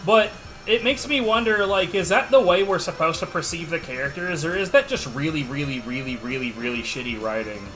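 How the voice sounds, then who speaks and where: A man's voice: a little high, fairly quick, bright, forceful tone, slight background noise. A man streaming a game, chatting casually and answering viewers' questions in an offhand, sarcastic way. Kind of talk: casual livestream chat while gaming. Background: game music.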